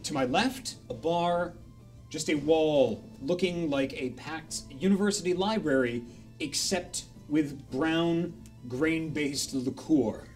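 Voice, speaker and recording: A man telling a rambling, animated story live on a charity stream in a casual way. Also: on the high side, slow pace, soft background music.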